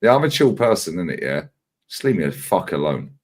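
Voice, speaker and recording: This regular fan-livestream guest, a man in his 40s, has a deep voice and talks fairly quickly. Chatting casually, he tells stories with lots of energy, frequent swearing, and acted-out versions of what others said.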